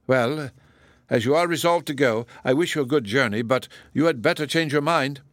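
A man voicing a hearty, insistent country squire who talks over others, raised and loud. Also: medium pitch, normal speed, no room sound, close to an everyday voice. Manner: bluff and insistent.

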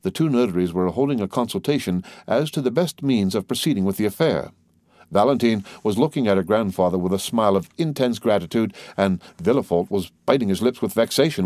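A man reading a classic novel aloud as an audiobook narrator, in a steady, even manner. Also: on the low side, no room sound, studio quality. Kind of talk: scripted narration.

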